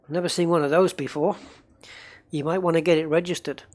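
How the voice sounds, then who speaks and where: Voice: mid-range voice, steady tone, brisk, a little mellow. A game livestreamer giving casual, rambling commentary while playing and chatting with viewers. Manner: rambling, chatty, reads and answers viewer chat.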